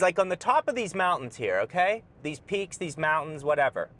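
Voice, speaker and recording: A man's voice: on the high side, sing-song, normal speed, few pauses, fairly bright tone. Joking man vlogging from his car. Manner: joking, rambling asides. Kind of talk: casual driving vlog commentary. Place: inside a car while driving.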